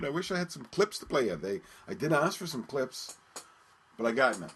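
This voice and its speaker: A man hosting his own podcast, talking casually and haltingly with many ums and restarts. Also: medium pitch, sing-song, a bit bright, a little hiss or hum. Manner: rambling, hesitant, many ums and repeated words. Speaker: podcast host. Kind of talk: casual solo radio-show talk.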